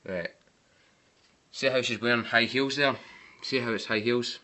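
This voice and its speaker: A man's voice: mid-range voice, measured pace, sharp tone, soft background music. A man giving casual, wry commentary on film mistakes over clips, with sarcastic asides. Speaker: movie mistake reviewer.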